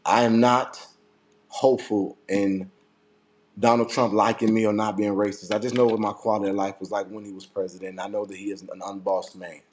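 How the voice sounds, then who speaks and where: In a fairly low, slightly mellow voice, a man delivers a heated political rant as a commentator, full of profanity and repeated phrases for emphasis.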